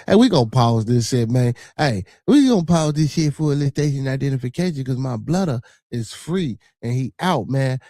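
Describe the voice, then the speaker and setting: A livestream podcast host with a Chicago accent reads chat comments aloud, joking and cursing freely with lots of filler. His medium-pitched, warm voice is animated and runs at normal speed with hardly any pauses, recorded in clean studio quality with no room sound.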